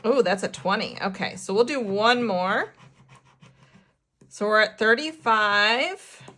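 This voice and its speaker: An excitable woman hosting a casual budgeting vlog, counting cash aloud and narrating her savings. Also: mid-range voice, slow. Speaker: budgeting channel host.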